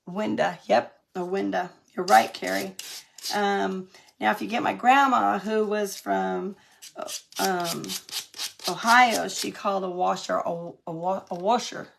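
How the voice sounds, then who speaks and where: A woman's voice: medium pitch, fairly even intonation, a little slow, vocal fry, a bit bright, slight background noise. A middle-aged woman from California chatting through a live craft demo, laughing often and answering viewer comments as she works. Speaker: craft demonstrator on a live stream.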